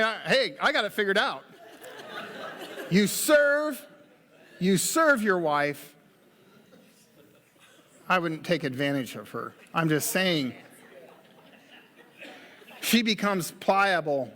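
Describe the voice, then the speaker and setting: Folksy pastor with a high voice. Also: male voice, fairly bright tone, long reverb tail. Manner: folksy, joking asides. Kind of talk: sermon. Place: church sanctuary.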